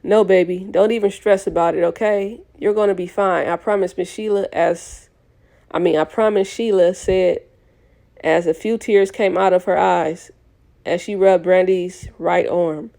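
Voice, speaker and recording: Young woman reading a story out loud, lowish mellow voice, keeps fixing her slips. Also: steady tone, a little slow, vocal fry. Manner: reads with frequent self-corrections and restarts. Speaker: audiobook reader. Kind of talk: casual reading of a novel aloud.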